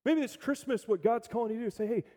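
A man preaching a sermon as pastor, telling stories animatedly and swinging from loud bursts to hushed asides. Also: extremely high pitch, rapid-fire, long reverb tail. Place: church hall.

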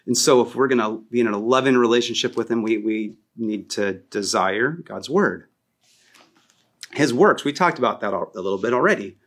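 A man preaching a sermon as a pastor, animated and repeating key phrases for emphasis. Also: medium pitch.

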